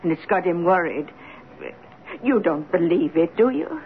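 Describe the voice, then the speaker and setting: An actress playing a plain-spoken, superstitious middle-aged housekeeper with a Maine accent, earnest and halting, in a 1970s radio drama. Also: female voice, fairly low pitch, expressive. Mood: worried. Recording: tinny 1970s radio broadcast, faint hiss.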